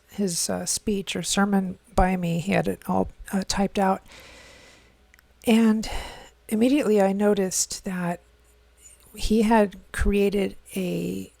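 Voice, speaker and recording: Gravelly-voiced woman musing aloud. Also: medium pitch, darkish tone, no echo. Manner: thinking aloud, frequent fillers and restarts. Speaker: podcast host. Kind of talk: casual commentary monologue.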